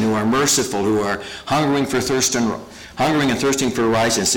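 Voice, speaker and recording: A pastor preaching a sermon, earnest and emphatic, slowing down to stress key phrases. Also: male voice, mid-range voice, a bit bright, rough recording.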